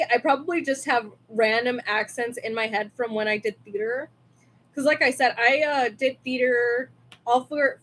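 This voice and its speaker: A woman's voice: a little high, a little hiss or hum. A young woman from California chatting casually and rambling with lots of fillers while hosting a crafting livestream from home on a desk mic. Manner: rambling and chatty, with many fillers and self-asides. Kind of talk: casual live-stream chat. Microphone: desk mic with webcam.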